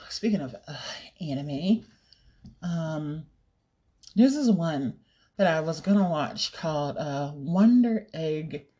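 A woman's voice: fairly low pitch, mellow. A young woman chatting casually to camera, rambling, giggling and swearing now and then. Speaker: vlogger. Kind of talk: casual chat.

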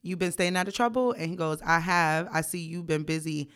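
A woman's voice: fairly low pitch, a little fast, fairly bright tone, smooth. A young woman co-hosting a casual podcast, telling a story bluntly and profanely, reading text messages aloud and breaking into frequent laughter. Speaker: podcast co-host.

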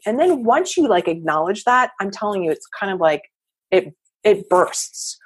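A woman coach and therapist giving energetic, emphatic motivational advice as a podcast guest. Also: mid-range voice, normal speed, breathy edge, dry recording. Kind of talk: podcast interview.

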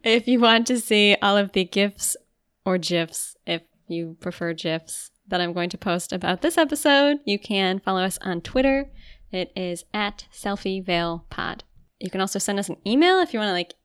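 A woman's voice: medium pitch, expressive, moderate pace, a bit bright, smooth, no room sound, clean studio sound. A young woman co-hosting a podcast in casual chat, talking loosely with lots of "like" fillers and easy laughs. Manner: chatty, many "like" fillers, giggly. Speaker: podcast co-host.

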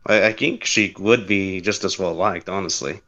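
A woman's voice: extremely low pitch, normal speed, a bit bright. A woman co-hosting a podcast, mostly giving short, agreeable replies in a casual film discussion. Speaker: podcast co-host.

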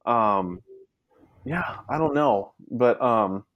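A man's voice: lowish voice, expressive, very slow, no echo, dull audio. Rambling man, dry close sound. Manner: rambling, full of "you know" fillers. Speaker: guest. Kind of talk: casual storytelling.

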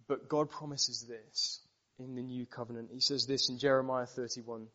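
A British man preaching a sermon, telling stories with animated, emphatic repetition. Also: medium pitch, normal speed. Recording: dull muffled recording.

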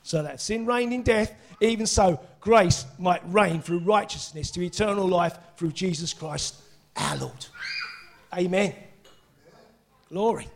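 A middle-aged man preaching a sermon, excitable and breaking into shouts and exclamations. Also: high-pitched, measured pace.

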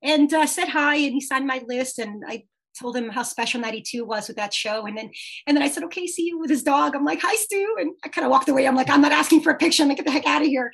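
A woman casually telling a fan story, animated and laughing often, acting out quoted lines. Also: sits high, fast talker, gravelly.

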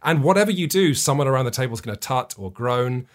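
A man hosting a podcast, chatty and self-deprecating as he explains things at length. His voice sits at a middle pitch. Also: animated, fast. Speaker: podcast host. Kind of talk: casual podcast chat.

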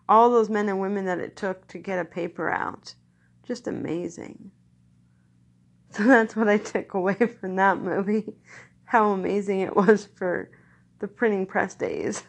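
Slow, gravelly woman chatting casually. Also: medium pitch. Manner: rambling, chatty, nostalgic, breaks into song. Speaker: vlogger reviewing films. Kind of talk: casual chat.

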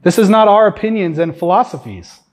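A man's voice: high voice, expressive, brisk. A man preaching an earnest sermon as a guest preacher in a church, emphatic and full of rhetorical questions to the congregation.

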